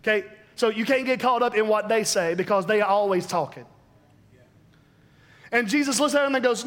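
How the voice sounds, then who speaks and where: A man with a strikingly high voice preaches a sermon. He drives his points home with emphatic repeated phrases. His voice rings through the long reverb of a large church hall. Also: normal speed, long pauses, a bit bright. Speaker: pastor.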